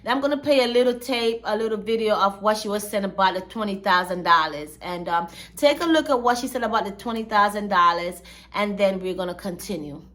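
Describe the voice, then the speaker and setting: A woman's voice: mid-range voice, brisk, a bit bright. A woman hosting a commentary channel, talking in a chatty, slangy storytelling way. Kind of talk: casual commentary.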